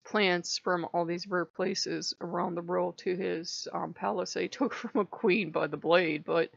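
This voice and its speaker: A woman vlogger chatting casually and laughing as she retells stories in an animated way. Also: lowish voice, a little slow, creaky, dry recording, muffled recording. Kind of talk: casual chat.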